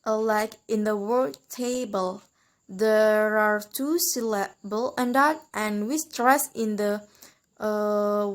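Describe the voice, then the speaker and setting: A young woman, a student, giving a lesson on word stress in a halting way, with many fillers and restarts. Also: a little high. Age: young adult. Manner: slow, halting delivery with frequent fillers and restarts. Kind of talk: classroom explanation video.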